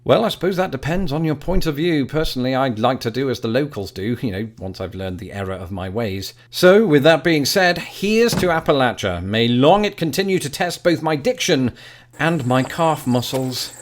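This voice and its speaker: A man's voice: mid-range voice, lively intonation, normal speed. A British man in his thirties, a YouTube host delivering scripted comic narration in a dry, wry, self-mocking way. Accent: British English. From Britain.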